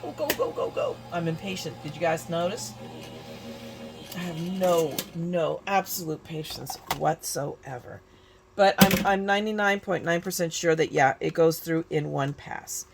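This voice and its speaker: A woman's voice: lowish voice, measured pace, gravelly, noisy background. A woman in her fifties from California, chatting through a crafting tutorial with lots of restarts and self-mocking asides. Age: 50s. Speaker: crafting YouTuber. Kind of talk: casual crafting tutorial chat.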